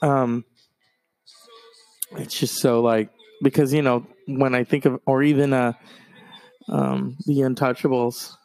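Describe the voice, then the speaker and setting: A man's voice: medium pitch, little pitch movement, slow pace, creaky, pauses often, darkish tone, no room sound, soft background music. Rambling, profane male podcast host. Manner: profane, rambling, sarcastic asides. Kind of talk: casual solo podcast rant. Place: home in the countryside.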